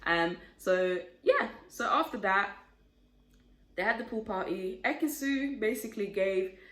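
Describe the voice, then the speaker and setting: A woman vlogging in a casual, opinionated way, her voice pitched right in the middle for a woman. She turns animated and indignant when she gets worked up. The room around her is noticeably echoey. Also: a little slow. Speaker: vlogger recapping a reality show. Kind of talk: casual chatty recap rant.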